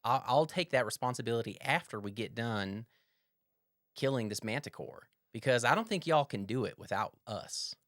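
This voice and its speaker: Imagine a defiant holy warrior, accused of a crime, talking back bluntly to a crowd, as a player speaks in character. His voice sits at a middle pitch and sounds dry and close to the mic. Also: lively intonation, normal speed, a bit bright, dry recording, lightly acted.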